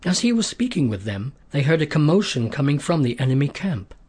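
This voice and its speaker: A man narrating a scripted story in a steady, measured way, with a husky voice. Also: fairly high pitch.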